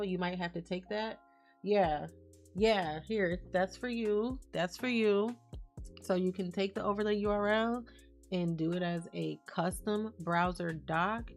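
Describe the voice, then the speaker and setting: Chatty livestreamer woman, lowish voice. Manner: chatty, reads and answers chat messages. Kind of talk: casual live-stream chat.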